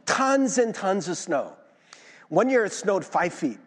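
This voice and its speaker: A man's voice: sits high, takes it slowly, breathy edge, in a large hall. A young man preaching a sermon as pastor, chatty and self-mocking, checking in with the listeners often. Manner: animated, chatty, self-mocking, frequent "right?".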